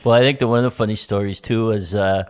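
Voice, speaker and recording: A man's voice: fairly low pitch, steady tone, quick pace, darkish tone. A middle-aged man hosting a casual podcast, asking easy questions and retelling family anecdotes. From Canada. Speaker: podcast host.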